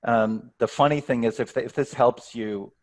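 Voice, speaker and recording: A man's voice: medium pitch, fairly even intonation, moderate pace, darkish tone. A man coaching on a video call, giving earnest advice and often restarting his sentences. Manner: earnest, stumbling restarts, leaning on key words. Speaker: speaking coach, workshop guest.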